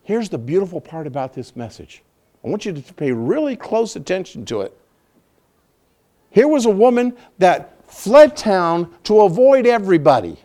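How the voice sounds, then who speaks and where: High-voiced, animated male preacher. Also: normal speed. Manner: animated storytelling, acts out scenes. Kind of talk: sermon.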